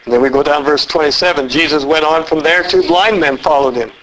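Earnest male preacher, fairly high voice, reads scripture and presses rhetorical questions. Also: fairly quick, fairly bright tone, rough recording. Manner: earnest, asks the listeners many rhetorical questions. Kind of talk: sermon, reading and explaining scripture.

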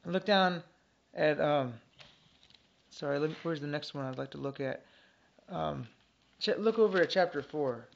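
A man's voice: a little high, unhurried, vocal fry, pauses often. A man preaching an expository sermon, reading scripture aloud and stressing key phrases earnestly with repetition. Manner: reads scripture aloud between comments. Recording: dull lo-fi sermon recording.

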